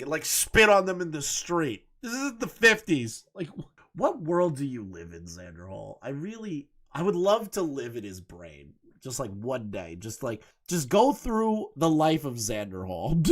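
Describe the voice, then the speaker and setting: A man's voice: fairly high pitch, very animated, normal speed, a bit bright. A man hosting a reaction commentary video, sarcastic and exasperated, mocking what he watches. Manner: sarcastic, exasperated, bursts of laughter and swearing.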